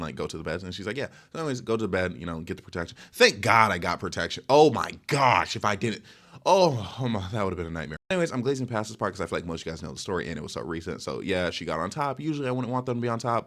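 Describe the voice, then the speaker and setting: A man's voice: rapid-fire, hardly any pauses. A young man telling a casual, rambling story in slangy storytime style. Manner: rambling slangy storytelling, animated swings in pitch. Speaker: content creator.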